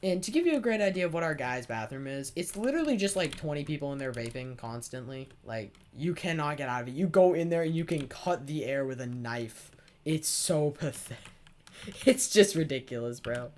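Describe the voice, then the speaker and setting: A man's voice: fairly high pitch, lively intonation, a little fast, a little hiss or hum. A teenage boy hosting a gaming video, telling a rambling, sarcastic story full of swearing while he plays. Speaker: gaming channel host. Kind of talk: casual storytelling over gameplay.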